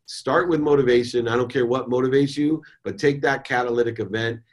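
A middle-aged man in a mid-range voice delivering a motivational story. He is emphatic and almost preacher-like, dropping soft and then pushing hard on key phrases. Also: mid-range voice, fairly quick. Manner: emphatic, preacher-like, swings between soft and forceful. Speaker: guest, entrepreneur and speaker.

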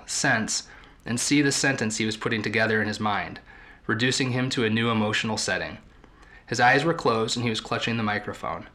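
A podcast host reading a story aloud from a book in a measured, storytelling way. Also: male voice, on the low side, sharp tone.

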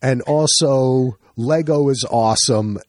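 A man hosting a podcast, chatting casually with friends in an animated, profane, rambling way. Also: medium pitch, slow pace, dry recording, studio quality. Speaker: podcast host.

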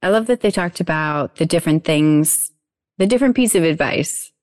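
A woman's voice: sits low, animated, normal speed, a little mellow. A woman chatting casually, enthusiastic and agreeable, laughing easily. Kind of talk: casual chat.

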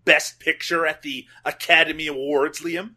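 A man's voice: on the high side, fairly even intonation, normal speed, pushed and bright. A man hosting a casual podcast discussion, steering the talk and putting questions to his co-hosts. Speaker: podcast host.

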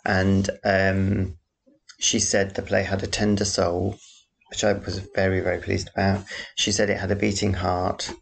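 Rambling man with a gravelly voice. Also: low-pitched, monotone, measured pace, a little hiss or hum. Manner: rambling, chatty, self-interrupting. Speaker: vlogger. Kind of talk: casual diary-style chat.

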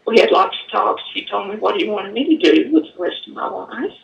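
A woman giving an earnest personal testimony, halting and at times choked up, in an echoey room away from the mic. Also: mid-range voice, expressive, gravelly, recorded from a distance, muffled recording. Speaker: guest telling her story.

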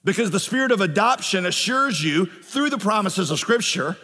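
A man's voice: high voice, lively intonation, normal speed, few pauses, sharp tone, in a large hall. A man preaching a sermon as pastor, earnest and building in passion on key phrases. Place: church sanctuary.

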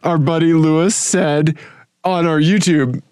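A man co-hosting a podcast, relaxed and chatty, sharing listener news with lots of fillers. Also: a little high, measured pace, clear, resonant tone, no echo, studio quality. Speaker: podcast co-host. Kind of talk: casual chat.

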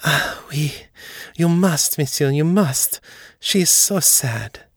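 A man voicing a young, devoted French maid in a higher, breathy, pleading voice with a French accent. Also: expressive, takes it slowly, fairly bright tone, no room sound, clean studio sound, full character voice. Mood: eager.

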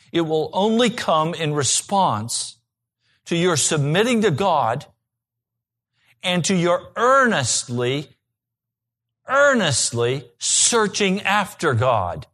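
A man delivers a sermon as pastor, his voice sitting a little high. He preaches earnestly and slows down to repeat key phrases for weight. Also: fairly bright tone. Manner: earnest preaching with slow emphatic repetitions.

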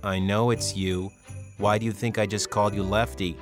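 A man's voice: lowish voice, level tone, normal speed, over music, natural voice. A man doing a blunt, fed-up security chief. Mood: exasperated. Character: gruff, heavy middle-aged male security chief.

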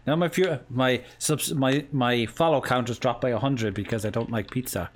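A man from Cork speaking with an Irish accent, hosting a casual stream chat and joking with a guest. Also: mid-range voice. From Ireland. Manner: joking, laughs often, fast restarts. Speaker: streamer host.

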